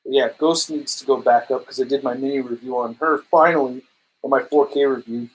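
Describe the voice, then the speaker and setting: A man in his thirties chatting casually on a livestream while arranging collectibles at home, excitable and rambling, full of slang. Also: medium pitch, fairly quick, slightly rough, poor audio. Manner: excitable, rambling, says dude and epic. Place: home display room.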